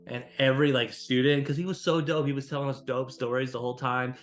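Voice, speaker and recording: A man's voice: mid-range voice, fast talker, faint music behind. A man hosting a podcast, telling a long story in casual chat, swearing often and rambling with restarts. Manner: profane, rambling, animated storyteller. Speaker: podcast host.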